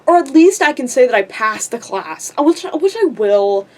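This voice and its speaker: A woman's voice: high voice, sing-song, moderate pace. Teen girl ranting casually to her camera. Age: teens. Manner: frustrated, self-deprecating, swears a lot, many fillers. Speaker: vlogger. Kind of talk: rambling casual vlog rant.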